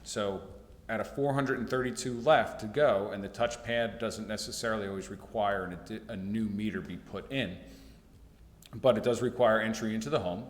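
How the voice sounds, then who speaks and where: Earnest man in an echoey hall. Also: on the low side. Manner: earnest, halting with fillers and restarts. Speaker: town utilities official. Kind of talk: explaining at a public meeting. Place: town meeting room. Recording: echoey hall with long reverb.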